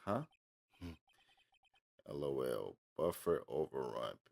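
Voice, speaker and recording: A man's voice: rumbling low, expressive, slow pace, vocal fry, darkish tone. A man playing a video game and commenting in a laid-back, slangy, joking way, reading the game's lines aloud and sounding tired late at night. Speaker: gaming channel host.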